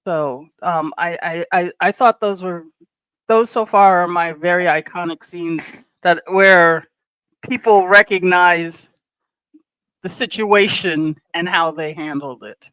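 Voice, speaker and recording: Chat guest, lively storyteller, dry close sound, middle pitch. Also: slow, smooth, no room sound, low-quality recording. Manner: animated storyteller, retelling scenes with laughs. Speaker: panel guest. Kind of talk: casual panel chat.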